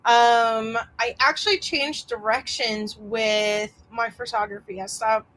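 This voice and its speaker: A woman photographer talking as a guest on a casual podcast, relaxed and conversational. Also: on the high side, takes it slowly, low-quality recording.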